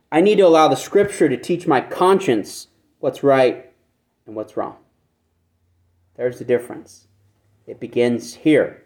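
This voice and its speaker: A male pastor preaches a conversational sermon in a voice on the high side with a darkish tone. He keeps posing rhetorical questions to his listeners and repeats phrases for emphasis.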